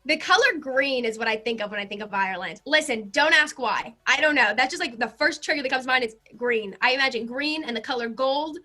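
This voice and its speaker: Bubbly high-voiced American young woman. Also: animated, pushed and bright. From United States. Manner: bubbly, rapid, many "like" fillers. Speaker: guest. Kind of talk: casual chat.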